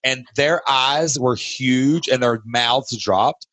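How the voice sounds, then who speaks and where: A man with a Kentucky Southern accent, hosting a podcast and coaching a guest in an emphatic, energetic way. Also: medium pitch, takes it slowly, no echo. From Southern United States. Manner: emphatic, energetic, pushes and challenges. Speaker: podcast host and business coach. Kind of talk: casual coaching chat.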